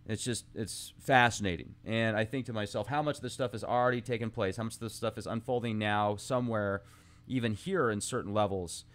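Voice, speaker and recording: A man's voice: lowish voice, brisk, fairly bright tone. Rambling man musing aloud on a podcast. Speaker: podcast host. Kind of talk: casual monologue, reading ancient texts aloud.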